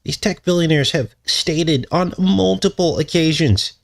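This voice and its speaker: A man's voice: a little high, a little slow, gravelly. A man hosting a casual livestream, rambling and chuckling as he answers his viewers' chat. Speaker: channel host.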